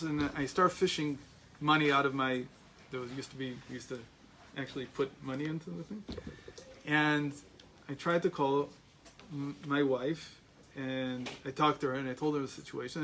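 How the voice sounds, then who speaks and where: An American man in his forties gives a storytelling lecture to a class, rambling through anecdotes, restarting sentences and tossing in asides. His voice is slightly high and fairly bright, and the low-quality recording carries a faint background hum.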